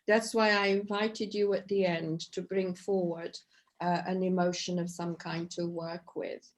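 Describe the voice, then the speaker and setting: A woman's voice: on the low side, level tone, measured pace. Woman leading a tapping workshop by video call. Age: middle-aged or older. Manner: warm and encouraging, with frequent "okay?" checks. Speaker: EFT tapping workshop leader.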